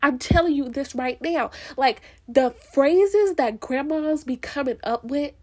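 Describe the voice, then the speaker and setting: A young Florida woman talks straight to camera in a casual, heartfelt monologue, earnest and emphatic, repeating her points and laughing easily. The vlogger's voice is high-pitched and unhurried.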